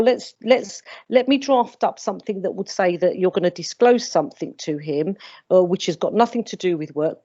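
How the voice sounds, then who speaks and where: A woman's voice: on the low side, darkish tone, no echo. Earnest woman on a dull call. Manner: earnest, hesitant with many restarts. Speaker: mediator. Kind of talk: panel discussion storytelling.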